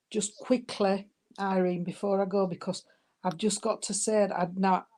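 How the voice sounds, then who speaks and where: A woman with a dark, mellow voice, working as a medium. She passes on spirit messages and calls her listeners darling and sweetheart. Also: medium pitch. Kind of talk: giving spirit messages at an online service.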